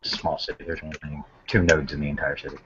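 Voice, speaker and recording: Very deep-voiced man running a game. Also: level tone, brisk, crowd noise. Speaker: game master. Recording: dull lo-fi recording with faint ambience.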